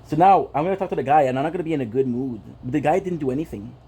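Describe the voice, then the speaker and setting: A man's voice: fairly high pitch, very fast, mellow, a little hiss or hum. A man whose first language is French, hosting a gaming stream and bluntly ranting with frustration, swearing and repeating himself. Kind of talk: casual ranting vlog.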